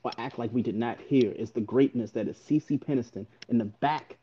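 A man co-hosting a casual chat, explaining slang terms in a relaxed way with examples. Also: mid-range voice, fairly quick, dull audio, slight background noise. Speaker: podcast co-host.

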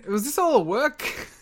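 A man's voice: very high-pitched, a bit bright. A man co-hosting a podcast, chiming in with incredulous, laughing reactions. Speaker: podcast co-host. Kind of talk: casual chat.

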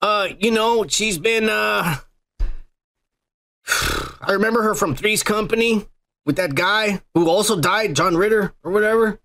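A man's voice: sits high, a little slow, long pauses, pushed and bright. A young man hosting a podcast, joking and rambling with lots of profanity. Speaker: podcast host. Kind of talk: casual crude podcast banter.

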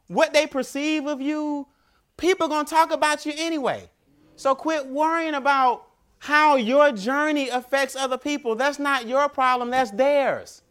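A man giving a motivational keynote speech, telling stories with animated, emphatic repetition. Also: extremely high pitch. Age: adult father. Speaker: keynote speaker.

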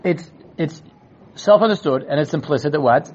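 A man teaching a Talmud class in a lecture style, acting out quoted dialogue and repeating words in quick restarts. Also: fairly high pitch, breathy edge, muffled recording. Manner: animated, acts out quoted dialogue. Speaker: Torah teacher.

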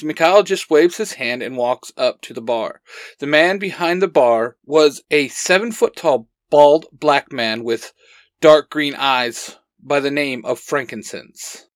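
A man's voice: fairly high pitch, measured pace, no room sound. Man reading a fan story aloud. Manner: earnest storytelling, acting out dialogue.

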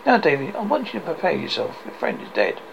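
A man voicing a calm, middle-aged hospital doctor, reading his lines plainly with little change of voice. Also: on the high side, fast talker, gravelly, highs cut off, noisy background, heavily acted.

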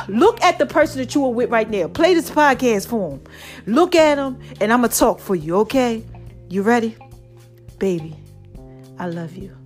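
High-voiced woman podcaster. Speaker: podcast host. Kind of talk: casual motivational monologue.

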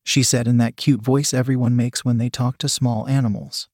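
A man's voice: mid-range voice, steady tone, moderate pace, hardly any pauses, darkish tone, no echo, clean studio sound. A man reading a first-person story aloud in a casual, wry storytelling manner. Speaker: narrator.

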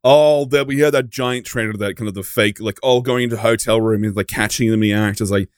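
A man's voice: lowish voice, steady tone, a little fast, no room sound, studio quality. A man in casual podcast chat, tossing in profane jokes. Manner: joking interjections, profane.

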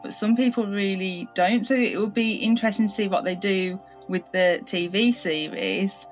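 A woman's voice: medium pitch, moderate pace, lo-fi sound, soft background music. A woman from Birmingham with a Birmingham accent, guest-hosting a casual chat and laughing often. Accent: Birmingham English. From England. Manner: giggly, chatty, laughs often. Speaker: guest host.

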